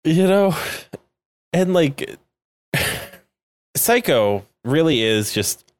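A man's voice: fairly high pitch, big pitch swings, drawn-out words, dry recording, clean studio sound. A man co-hosting a podcast in casual chat, recapping a show with jokes, laughing often and acting out characters' lines. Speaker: podcast co-host.

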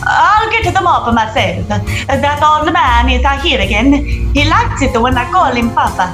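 A woman's voice: sits high, sing-song, unhurried, fairly bright tone, roomy sound, soft background music, full character voice. A woman voicing a chatty male Italian café worker with a put-on Italian accent and broken English.

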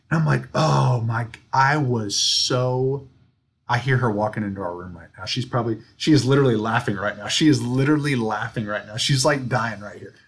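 A man co-hosting a sports podcast, telling stories in an animated, ranting way. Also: medium pitch, normal speed, breathy edge. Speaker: podcast co-host. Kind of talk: casual sports chat.

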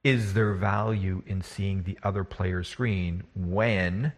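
A man's voice: low-pitched, steady tone, takes it slowly. A man who runs tabletop games, talking in a rambling, casual way, with frequent restarts and laughs as he talks. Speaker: podcast co-host and game master. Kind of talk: casual chat.

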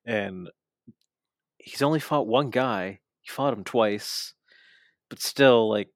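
Man, casual podcast co-host, gravelly, dry close sound. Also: mid-range voice, no echo. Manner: rambling recap, quotes wrestlers in quick mocking asides. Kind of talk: casual wrestling recap chat.

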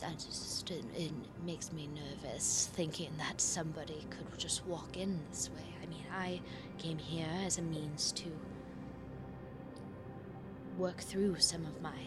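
A woman voicing a nervous, guarded male professor who speaks quietly and haltingly. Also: sits low, creaky. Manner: hesitant, quiet, halting speech.

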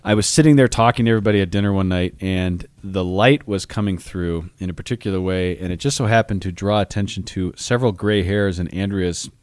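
A man's voice: low-pitched, fairly quick, few pauses, no echo. A man co-hosting a casual chat, telling stories in a teasing way. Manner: storytelling, teasing. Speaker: podcast co-host.

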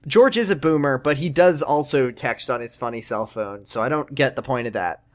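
A man's voice: medium pitch, moderate pace. A man co-hosting a casual podcast, sarcastically mocking a TV show and swearing. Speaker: podcast co-host. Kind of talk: casual recap chat.

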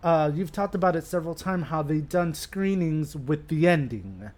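A podcast co-host chatting casually, animated, often restarting sentences. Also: mid-range voice, moderate pace. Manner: animated, restarts sentences, reads quotes aloud. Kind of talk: casual chat.

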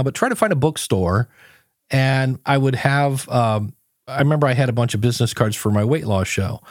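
A man's voice: medium pitch, a little mellow, no room sound, clean studio sound. A man guesting on a podcast, telling stories in a casual chat and acting out his own quotes.

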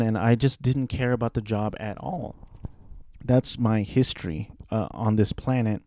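A man in his thirties talking casually about his life, rambling and self-deprecating, with halting restarts. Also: mid-range voice, mellow, no echo, clean studio sound. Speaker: aspiring voice actor. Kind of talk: casual personal monologue.

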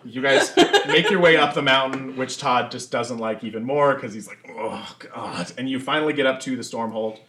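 A man narrating as game master in a tabletop game, relaxed and full of fillers. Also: mid-range voice, a little fast, hardly any pauses, a crowd in the background.

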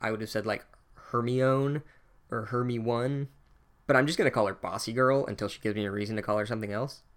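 A man's voice: on the low side, very fast, fairly bright tone. A young man giving a sarcastic, profane comedic book recap with wry asides. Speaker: podcast host reviewing a book.

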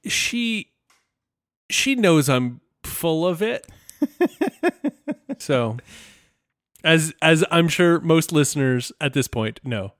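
A man's voice: fairly high pitch, animated, slow pace, pauses often, fairly bright tone, no echo, clean studio sound. A married man co-hosting a casual podcast, rambling and self-deprecating and laughing often. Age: adult, married. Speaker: podcast co-host.

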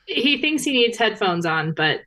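A woman co-hosting a podcast on a video call, relaxed and chatty. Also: fairly high pitch, moderate pace, very noisy. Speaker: podcast co-host. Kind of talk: casual chat.

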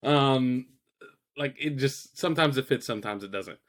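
A man's voice: mid-range voice, normal speed, fairly bright tone. A man co-hosting a podcast, chatting casually about films in a rambling, profane way, full of fillers and quoted asides. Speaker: podcast co-host. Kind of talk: casual chat reviewing films.

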